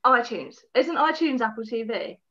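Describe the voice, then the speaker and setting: A woman's voice: on the high side, animated, normal speed, pushed and bright. A woman, an actress, chatting as a guest over a video call, giggly and self-mocking. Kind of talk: casual interview chat. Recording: dull lo-fi video call audio.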